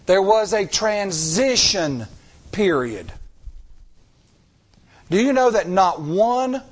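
A man's voice: a little high, a little mellow. A middle-aged man preaching a sermon, telling stories with acted-out dialogue and repeating phrases for emphasis. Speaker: church elder preaching.

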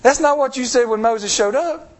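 A male pastor giving an expressive sermon, asking the congregation rhetorical questions and acting out the voices of people he quotes. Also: extremely high pitch, moderate pace.

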